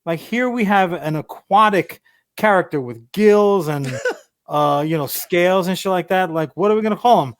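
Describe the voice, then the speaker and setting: A man's voice: high voice, moderate pace, smooth, dry recording, studio quality. A man co-hosting a podcast in casual chat, telling rambling, profane stories and mocking people in put-on voices. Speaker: podcast co-host.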